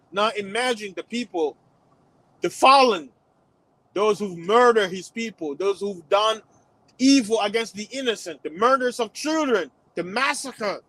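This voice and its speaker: A man's voice: extremely high pitch, a bit bright, dry recording, low-quality recording. A man delivering a preachy religious warning monologue to his channel, repeating himself and rising to emphatic peaks. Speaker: channel host.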